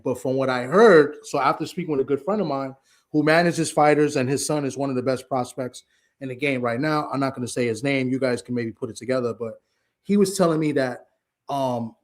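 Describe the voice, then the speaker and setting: A man talking on a casual live stream at a middle pitch. He tells stories in an animated way, stumbling over restarts and jumping up in pitch when he quotes someone else. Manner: animated, retells conversations with many restarts. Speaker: co-host.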